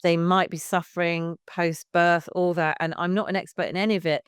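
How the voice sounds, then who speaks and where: A woman's voice: fairly low pitch, flat delivery, fairly quick, clean tone, no echo, studio quality. A woman in her fifties, a baby music class leader, chatting frankly as a podcast guest and swearing casually. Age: 50s.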